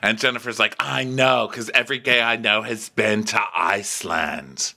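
A man's voice: fairly low pitch, normal speed, gravelly, bright, forceful tone. A man co-hosting a podcast, chatting casually and mimicking the people he quotes. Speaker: podcast co-host. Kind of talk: casual recap chat.

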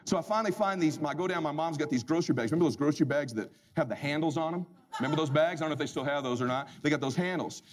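Male motivational speaker, high-pitched and animated, telling a funny personal story with emphatic bursts. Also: racing. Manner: animated, emphatic, swings loud and soft.

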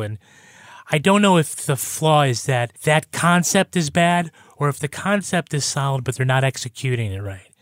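A man on a review podcast talking through his points in a measured, analytical way. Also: medium pitch, no room sound, studio quality. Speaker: podcast panelist. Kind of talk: casual review chat.

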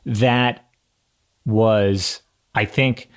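A young man co-hosting a casual political talk show, answering in a dry, agreeable way and reasoning his points out loud. His voice sits fairly low. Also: steady tone, extremely slow, smooth. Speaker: co-host.

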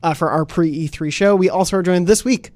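A man's voice: high-pitched, a little fast, darkish tone, no echo. A man hosting a weekly games show in an upbeat, teasing way. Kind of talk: casual show chat.

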